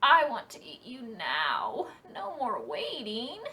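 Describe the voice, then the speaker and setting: A woman's voice: fairly high pitch, wildly swooping pitch, takes it slowly, pushed and bright, a little hiss or hum, full character voice. A woman voicing a hungry little male fox who sulks and pleads, in a children's storybook reading. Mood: whiny. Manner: pleading, sulky.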